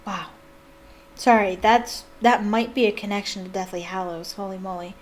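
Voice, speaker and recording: A woman reading a novel aloud for online viewers, breaking off into animated, exclaiming asides. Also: medium pitch, normal speed, slight background noise. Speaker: YouTube reader.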